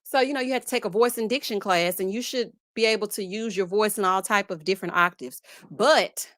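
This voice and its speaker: A young woman with a Southern twang hosting a casual live chat, reading viewer comments in a lively, sassy way and calling her audience honey and child. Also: medium pitch, brisk, no room sound, studio quality. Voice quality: lively, sassy, laughs loudly. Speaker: host.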